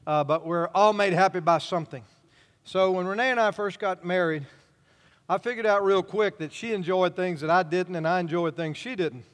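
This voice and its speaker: Older man preaching, high-pitched, folksy and homespun, long hall reverb. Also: fairly even intonation, moderate pace. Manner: folksy, warm-hearted storytelling with chuckles. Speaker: pastor. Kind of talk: sermon.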